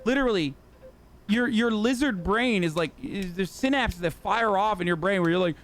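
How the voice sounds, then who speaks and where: A man's voice: sits high, normal speed, a bit bright. A man hosting a livestream, ranting in heated, profane, sarcastic reaction commentary. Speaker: livestream host.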